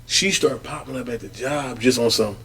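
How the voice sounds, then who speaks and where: A man, co-hosting a podcast and telling a long, profane story in casual chat, animated and acting out other people's voices. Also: mid-range voice, normal speed. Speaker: podcast co-host.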